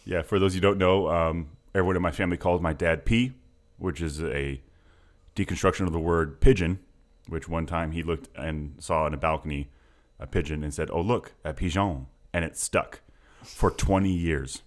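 A man's voice: low voice, steady tone, normal speed. A man hosting a casual podcast chat, laughing often and talking loosely with some swearing. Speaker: podcast host.

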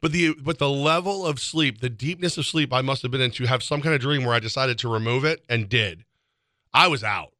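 A quick-talking man with a very bright, forceful voice tells a rambling story in casual chat and restarts his sentences often. He mocks himself as he goes and chews gum. The sound is dry and close, with no room around it. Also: mid-range voice, no room sound. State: chewing gum. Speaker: sports radio co-host.

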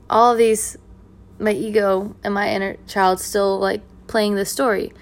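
A woman speaking in an earnest, reflective monologue about healing, repeating gentle affirmations. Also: mid-range voice, flat delivery, measured pace. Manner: soft, earnest, repetitive affirmations. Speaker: spiritual speaker.

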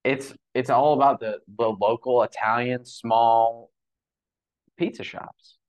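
Opinionated young podcast co-host. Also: male voice, mid-range voice, slow pace, poor audio. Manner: animated, opinionated, lots of fillers. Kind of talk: casual podcast commentary.

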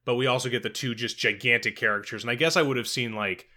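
A man co-hosting a casual podcast about a movie, animated and profane, laughing often. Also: mid-range voice, fast. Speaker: podcast co-host. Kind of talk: casual film discussion.

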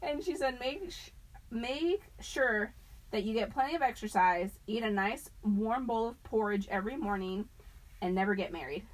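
A woman's voice: a little high, animated, normal speed, poor audio. A young woman co-hosting a podcast, chatting casually, laughing often and swearing freely. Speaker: podcast co-host. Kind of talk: casual chat.

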